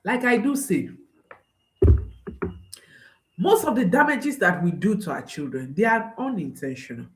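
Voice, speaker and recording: A woman coaching parents straight to camera, speaking slowly and with a lot of rise and fall in her pitch. She is earnest and emphatic, and she comes back to her key phrases again and again. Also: big pitch swings. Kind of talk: direct-to-camera parenting talk.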